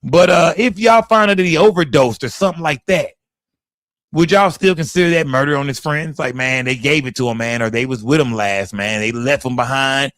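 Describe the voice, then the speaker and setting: A man's voice: mid-range voice, a little fast, a bit bright, dry recording, studio quality. A man from Texas, hosting a casual livestream, talking loosely and profanely straight to his chat. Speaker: livestream host.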